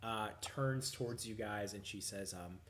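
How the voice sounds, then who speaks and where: A man's voice: on the low side, measured pace, fairly bright tone, a little hiss or hum. A man running a tabletop game as game master, narrating loosely with many fillers.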